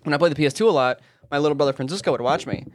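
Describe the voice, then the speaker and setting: A man's voice: fairly high pitch, rapid-fire, a little hiss or hum. A man co-hosting a casual sibling podcast, recalling childhood stories in an easygoing, rambling way. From United States. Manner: easygoing, rambling recollection with restarts. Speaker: podcast co-host.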